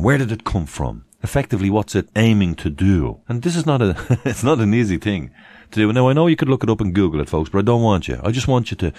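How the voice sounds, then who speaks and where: A man's voice: sits low, a little mellow, no room sound. A man hosting a live stream, chatting casually, asking rhetorical questions and thanking viewers by name. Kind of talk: casual live-stream talk reading chat.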